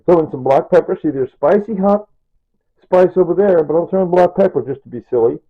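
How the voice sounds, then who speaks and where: Rambling older man with a husky voice. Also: fairly high pitch, fairly quick. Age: 60s. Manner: rambling and chatty, with asides and chuckles. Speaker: home cooking vlogger. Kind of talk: casual cooking demonstration. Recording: tinny, phone-like sound.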